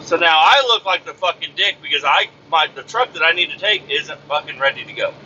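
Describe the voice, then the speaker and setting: A man's voice: on the high side, animated, fairly quick, sharp tone, lo-fi sound, slight background noise. A man who drives trucks and hosts a podcast, telling a profane, exasperated story about his workday in a casual rant.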